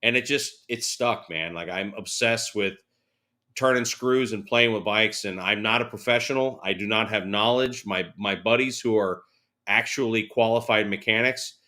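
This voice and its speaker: A man in his forties, a guest chatting casually in an interview. His voice is bright and forceful. He tells lively stories and acts out the people in them. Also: lowish voice, moderate pace. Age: 40s. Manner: animated storyteller, laughing, acts out quotes.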